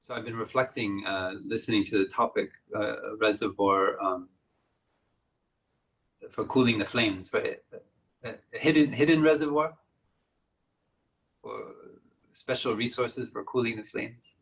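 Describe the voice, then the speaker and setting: Low gravelly monk giving a dharma talk. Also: male voice, poor audio. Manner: gentle, reflective, many pauses and soft laughs. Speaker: monastic dharma teacher.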